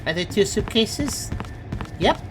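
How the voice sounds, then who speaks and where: Lively, chatty woman streamer. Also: mid-range voice, slow, over music. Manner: chatty, thinks aloud, laughs often. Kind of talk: casual gameplay commentary.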